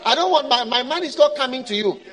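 A man's voice: high-pitched, animated, quick pace, a bit bright, some chatter behind. A man voicing a cold husband who curtly refuses every request with scornful laughing refusals. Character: cold husband dismissing an unloved wife.

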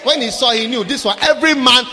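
A man preaching a sermon, shouting and acting out Bible characters in an echoey hall with a crowd. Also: very high voice, fast talker, background noise.

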